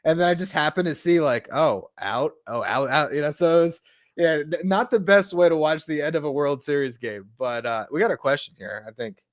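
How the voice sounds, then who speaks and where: A man's voice: on the high side, brisk. A man co-hosting a sports podcast, breaking down a play in a casual, filler-heavy way. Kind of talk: casual chat.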